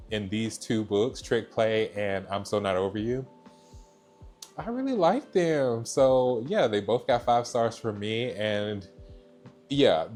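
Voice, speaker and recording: A young man from Georgia in the US gives a casual, chatty book review. His voice sits fairly low and he gushes over what he likes. Soft music plays faintly behind him. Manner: chatty, gushing, repeats "so yeah".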